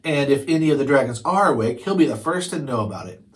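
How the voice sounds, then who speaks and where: A man putting on a bossy young Viking bully, sneering and menacing, barking orders at the other boys, an everyday mid-pitched voice, storybook read-along. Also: expressive, fast, close to an everyday voice.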